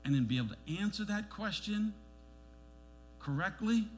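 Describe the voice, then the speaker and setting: A middle-aged man preaching a sermon as a pastor, animated, pushing his emphasis upward and acting out the voices he quotes. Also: high-pitched, normal speed, slight background noise.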